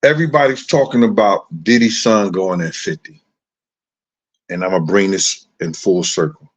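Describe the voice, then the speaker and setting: A man hosting a casual commentary show, talking straight to his viewers in street slang. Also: normal speed. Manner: animated, swings into high put-on voices and laughs.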